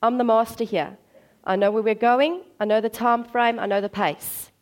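Woman preaching a lively sermon. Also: on the high side, moderate pace. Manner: animated storytelling, acts out voices.

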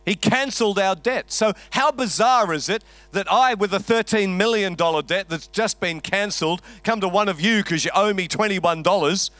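High-voiced wry preacher man. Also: normal speed, hardly any pauses, a bit bright, dry recording. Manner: wry, conversational storytelling with humor. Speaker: pastor. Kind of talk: sermon.

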